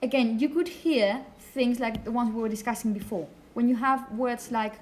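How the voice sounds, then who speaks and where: A woman's voice: on the high side, normal speed, darkish tone, slight background noise. Woman lecturing a class. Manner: explanatory, checks in with "okay?" often.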